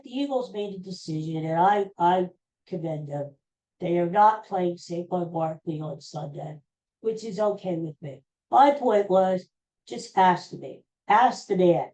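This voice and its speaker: Woman podcast host, low mellow voice, rambling casual chat, exclaims a lot. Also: low-quality recording. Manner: rambling, exclaiming, talks to herself.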